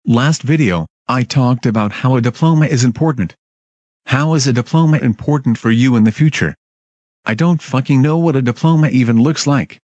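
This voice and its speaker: A man's voice: mid-range voice, moderate pace, darkish tone, no echo, dull audio. A man narrating a ranting storytime in a blunt, irritable manner, swearing constantly.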